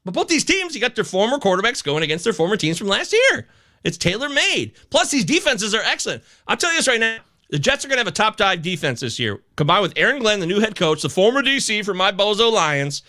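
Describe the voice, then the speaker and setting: Guy hosting a live fantasy football stream, bouncy pitch, bright sharp voice, rambles n swears. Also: fast talker. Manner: animated, rambling, swears when upset. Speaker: host.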